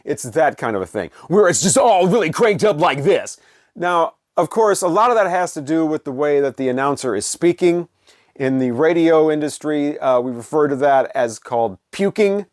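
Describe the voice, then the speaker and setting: A man's voice: fairly high pitch, lively intonation, moderate pace, dry recording, studio quality. A middle-aged man giving a casual, blunt, opinionated music review, with frequent fillers and restarts. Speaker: vinyl collector vlogger.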